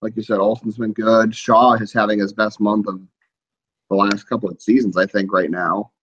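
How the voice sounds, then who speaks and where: A man with a lowish voice breaks down sports in casual podcast chat, measured and analytical. His sound comes through a dull, lo-fi line. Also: little pitch movement, fairly bright tone. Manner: measured, analytical, dry reactions. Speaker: podcast co-host.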